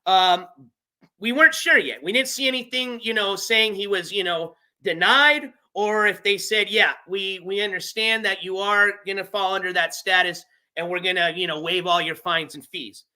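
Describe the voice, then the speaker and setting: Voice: medium pitch, normal speed, bright, forceful tone. A livestream host reading court papers aloud in a casual, chatty way, stopping to explain the legal wording and thanking channel members by name.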